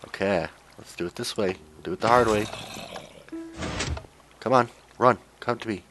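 A man's voice: lowish voice, normal speed, music in the background. A young man giving casual, jokey commentary while playing a game, chatting to himself and coaxing the characters on screen. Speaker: let's play gamer.

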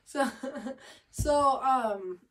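A woman's voice: high-pitched, extremely slow, far from the mic, low-quality recording. A woman co-hosting a podcast, telling stories in a giggly, chatty way. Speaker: podcast co-host. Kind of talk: casual couple chat.

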